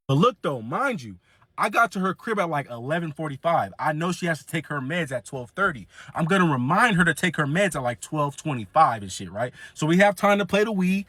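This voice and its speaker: A young man spins a comedic story from his own life in a fast, slangy, profane rush, stumbling over his words as he goes. His voice sits a little high for a man, and the recording is dry and close. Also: no room sound. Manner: profane, slangy, animated, frequent restarts.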